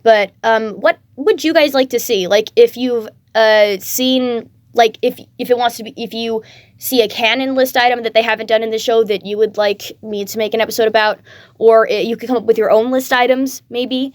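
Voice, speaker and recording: A woman's voice: a little high, steady tone, moderate pace, no room sound. A tired woman casually chatting to her viewers, rambling with lots of fillers, her voice cracking a bit. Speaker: fan-fiction creator.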